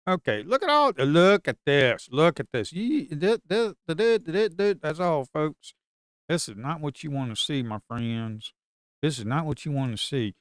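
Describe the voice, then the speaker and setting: Male trader streaming live, mutters, repeats himself, curses; smooth, close, dry sound. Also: on the high side, lively intonation, moderate pace, dry recording. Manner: talks to himself and viewers, repeats phrases, swears. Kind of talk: live trading commentary.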